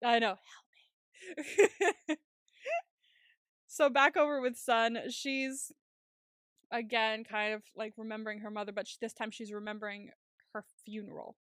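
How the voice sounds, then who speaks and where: Young female co-host, casual recap talk, fairly high voice, acts out quotes. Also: normal speed, clear, resonant tone, no echo, studio quality. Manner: animated retelling with quoted lines. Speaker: podcast co-host.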